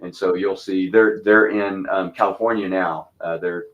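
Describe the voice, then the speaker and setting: A pastor in his fifties talks in a relaxed, rambling way, with a light twang. His voice sits low and he circles back through restarts and fillers as he tells stories about church missions. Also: moderate pace, highs cut off. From Texas.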